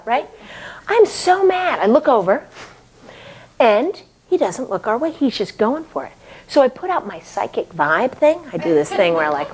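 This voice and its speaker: A woman's voice: fairly high pitch, slightly rough, low-quality recording. A woman comedian from New Hampshire telling a long personal story on stage, acting out voices and sound effects and laughing as she goes. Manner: animated, acts out voices and sound effects, laughs between lines. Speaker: stand-up comedian.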